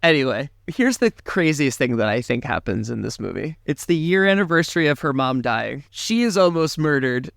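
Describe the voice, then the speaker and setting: Guy on a podcast going through a movie, smooth clear voice, dry close mic, gets animated. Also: normal speed, few pauses, no room sound. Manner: animated, jumps into high mocking impressions. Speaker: podcast co-host. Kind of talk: casual movie recap.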